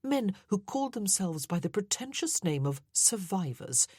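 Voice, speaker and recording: A woman narrating a historical romance audiobook in a measured, unhurried way. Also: medium pitch, big pitch swings, mellow, husky, no room sound, studio quality. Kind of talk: scripted narration.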